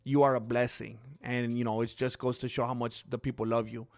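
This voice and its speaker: A man's voice: mid-range voice, level tone, brisk, darkish tone, no room sound, clean studio sound. A man hosting a casual live stream, joking and thanking donors as he reacts to the fights. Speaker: livestream host reacting to fights.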